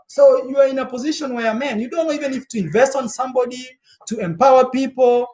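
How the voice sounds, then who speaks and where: A young man from Kenya chatting casually and live with his viewers, animated and repetitive, laughing often. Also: extremely high pitch, fast. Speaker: travel vlogger.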